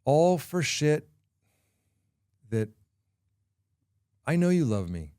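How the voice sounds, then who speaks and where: A middle-aged man hosting a podcast, talking through a personal confession in a candid, halting way with frequent pauses. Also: on the high side, sing-song, mellow, smooth, dry recording, clean studio sound. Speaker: podcast host.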